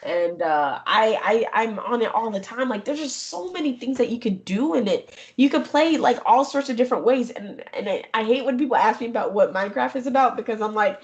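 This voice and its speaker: A young adult woman, a gaming streamer, talking casually and expressively in an interview, often laughing and lively. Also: on the high side, fairly quick, hardly any pauses. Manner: animated and expressive, jumps into quoted voices, laughs often.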